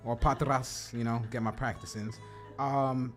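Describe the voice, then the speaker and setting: A man hosting an open mic, briskly announcing the next performers and hyping up the crowd. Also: medium pitch, fairly even intonation, soft background music. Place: live open mic in a community venue.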